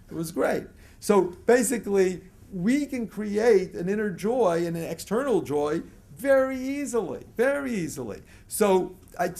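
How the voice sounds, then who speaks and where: An older man from the United States speaks in a fairly high voice, giving a lecture to a live audience. He tells stories with frequent chuckles and leads the crowd in group chants. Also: a little mellow. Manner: chuckles often while telling stories. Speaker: motivational speaker.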